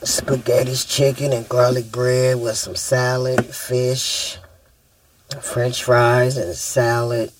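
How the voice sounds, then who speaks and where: A woman, a mother, chatting casually and listing things calmly. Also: extremely low pitch, slow pace, background noise. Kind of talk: casual family chat.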